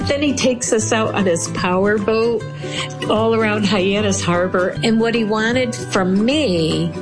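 Animated woman telling her own story. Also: mid-range voice, a little slow, over music. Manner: lively, acts out quoted voices. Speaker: storyteller recounting her experience. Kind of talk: personal storytelling.

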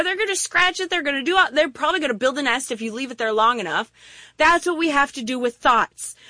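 A woman's voice: sits high, no echo. A woman preaching a sermon, telling stories and acting out little voices as she goes. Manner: animated storytelling with acted-out voices.

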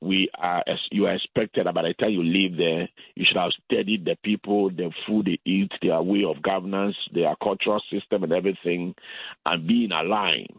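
A man from Ghana, a guest in an interview, explaining his points in a measured way and often repeating words. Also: sits low, fairly even intonation, creaky, slightly rough, dry recording. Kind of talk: interview over the phone. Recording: tinny phone line.

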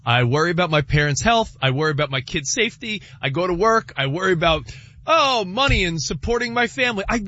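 A man co-hosting a sports radio show, talking in casual banter and telling stories in a quick, animated way. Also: sits high, dry recording, dull audio. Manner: animated, rapid storytelling with voice impressions.

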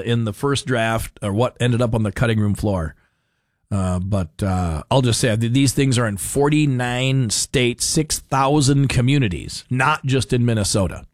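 A man's voice: mid-range voice, no room sound. A man hosting a talk radio show, rambling wryly through the news with frequent chuckles, into a studio microphone. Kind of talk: casual talk radio commentary.

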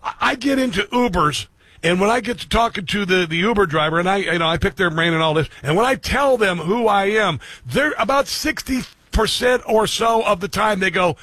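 A man's voice: high-pitched, animated, brisk, sharp tone, husky, no echo. A middle-aged man hosting a radio and streaming talk show, speaking earnestly to his listeners and repeating phrases for emphasis. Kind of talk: personal monologue to listeners.

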